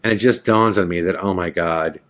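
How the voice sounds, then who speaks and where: Low-voiced man telling a dramatic story. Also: a little fast, a bit bright. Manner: dramatic, vivid retelling of a frightening ordeal. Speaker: podcast host. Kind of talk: first-person storytelling.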